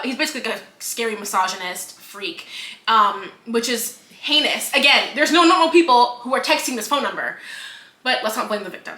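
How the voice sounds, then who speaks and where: A woman's voice: fairly high pitch, expressive, fairly quick, bright, forceful tone, reverberant. A woman co-hosting a casual book review podcast, retelling the plot animatedly and swearing often. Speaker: podcast co-host.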